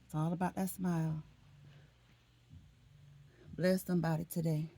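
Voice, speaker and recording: A woman's voice: deep voice, level tone, measured pace, dark tone. A middle-aged woman from Florida, chatting to her viewers in an emotional, talkative way and calling them "honey" and "y'all". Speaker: vlogger. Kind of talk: casual chat to camera.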